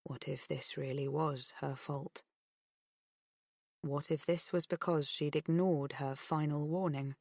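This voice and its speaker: A woman narrating an audiobook thriller in a measured, expressive reading. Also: deep voice, no echo, studio quality. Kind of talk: scripted narration.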